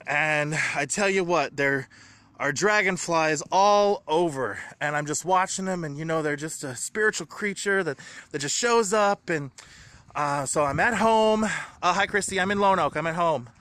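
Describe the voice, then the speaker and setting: A man vlogging from home, talking in an earnest, rambling, grateful way, excited and a little shaky. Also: fairly high pitch, normal speed, dry recording. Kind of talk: emotional personal vlog.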